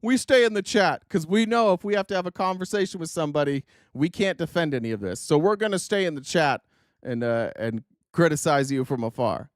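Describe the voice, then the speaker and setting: A man with a notably high voice hosts a political live stream in a heated, sarcastic rant full of swearing. He keeps breaking off and restarting his sentences. The sound is close and dry, with no room in it. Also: a little fast, no echo. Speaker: political livestream host. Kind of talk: ranting political commentary.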